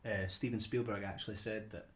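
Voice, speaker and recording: Man, low voice, casual podcast chat, repeats words, relaxed. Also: fairly quick. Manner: conversational, repeats words when starting sentences. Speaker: podcast co-host.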